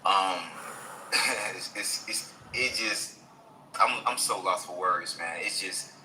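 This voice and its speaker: A man's voice: low voice, takes it slowly, sharp tone, a little hiss or hum, rough recording. A man giving an earnest, emotional live-stream testimony, repeating himself as he holds back tears. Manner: earnest, repeats phrases, stumbles over words.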